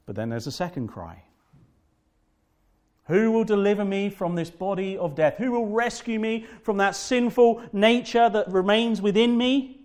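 A man with a notably high speaking voice delivers a sermon from the pulpit. He preaches with fervour, repeating phrases and slowing down to press home key words. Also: expressive, darkish tone. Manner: fervent preaching with emphatic repetition and slow drawn-out stresses. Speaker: pastor.

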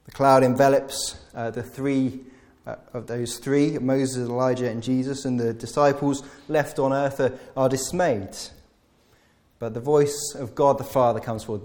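A man's voice: mid-range voice, fairly even intonation, a little slow, a little mellow. A man preaching a sermon in an earnest way, often restarting his phrases as he explains a Bible passage.

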